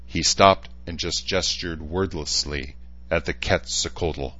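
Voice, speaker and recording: Male audiobook narrator, low and steady, dry lo-fi sound. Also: a little slow, no room sound. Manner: steady storytelling. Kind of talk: scripted narration.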